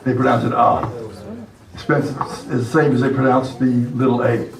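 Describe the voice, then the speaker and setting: An older man teaching a language class, speaking slowly and patiently and spelling words out letter by letter. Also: mid-range voice, flat delivery. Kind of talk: classroom lesson. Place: classroom or meeting hall. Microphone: far camera. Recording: echoey hall from far off with murmuring class.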